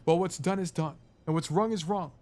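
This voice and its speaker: A man's voice: on the high side, a little fast, darkish tone, slight background noise, close to an everyday voice. A man voicing a grouchy male bug caretaker in a put-on English accent, reading game dialogue aloud and scolding.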